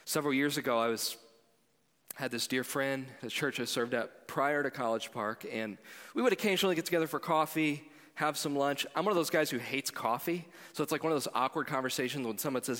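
A man preaches a conversational sermon, moving between loud appeals to the congregation and quiet storytelling. His voice is fairly high and a little fast, with a long reverb tail.

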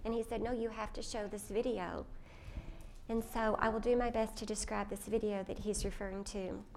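A woman speaks to a room of mothers. She tells a family story and grows animated when she quotes her younger self, over faint background noise. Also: medium pitch, moderate pace, creaky. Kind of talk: personal talk to mothers.

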